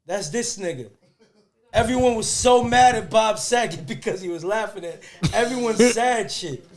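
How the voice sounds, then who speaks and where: A man's voice: high-pitched, expressive, moderate pace. A man co-hosting a podcast in heavy slang, teasing his friends and playing up how gloomy he feels. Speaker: podcast co-host. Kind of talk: casual podcast chat.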